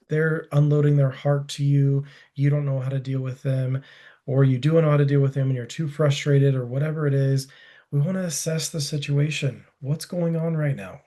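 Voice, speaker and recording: A man presenting a relationship webinar in a relaxed, conversational way with frequent fillers. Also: mid-range voice.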